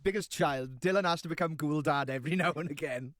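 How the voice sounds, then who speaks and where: A man co-hosting a podcast, always teasing and joking with his friends. His voice sits a little higher than most men's. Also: quick pace, a bit bright, dry recording, clean studio sound. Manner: teasing, jokey. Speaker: podcast co-host. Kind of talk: casual chat.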